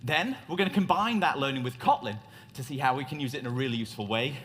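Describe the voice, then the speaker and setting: A man's voice: mid-range voice, fast talker, fairly bright tone. A man giving a theatrical, joking tech talk as a conference speaker in a large hall. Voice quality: playful, joking showman delivery. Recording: reverberant hall.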